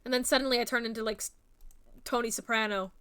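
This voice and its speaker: A young woman with a Jersey accent chats casually to her stream, rambling and giggling at herself. Her voice sits high and sounds bright and crisp, with a smooth, clean tone. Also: fairly even intonation, fast. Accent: New Jersey / Philadelphia area. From New Jersey, USA. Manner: rambling, giggly, self-mocking. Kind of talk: casual chat.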